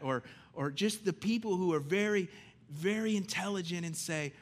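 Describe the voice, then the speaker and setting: A man preaching a sermon in a conversational, animated way, swinging between loud emphasis and hushed lines. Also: high-pitched, normal speed.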